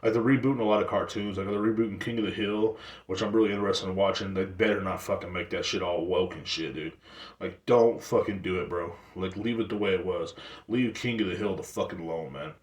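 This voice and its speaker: A man's voice: low-pitched, fairly even intonation, a little fast. A man in his thirties hosting a talk show, ranting casually in loose, slangy, profane talk with rambling restarts. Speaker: show host. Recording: roomy sound from a distant mic.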